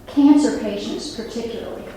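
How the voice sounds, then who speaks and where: A woman's voice: fairly high pitch, brisk, dark tone, a little hiss or hum. Older woman speaking in an echoey hall. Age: over 65. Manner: earnest, talks to the room with asides and questions. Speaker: nurse giving a talk. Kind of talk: public talk to an audience. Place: library meeting room. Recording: echoey hall, mic from a distance.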